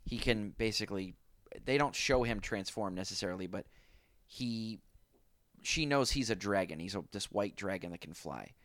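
A man co-hosting a podcast, calmly explaining plot points in a casual chat. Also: lowish voice, normal speed, no echo, studio quality. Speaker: podcast co-host. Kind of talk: casual chat recapping a film.

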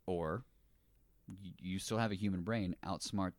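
A man's voice: deep voice, fairly even intonation, no echo. A man co-hosting a casual chat about a film, laid-back and acting out bits of dialogue. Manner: laid-back, acts out lines in quick voices. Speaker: podcast co-host.

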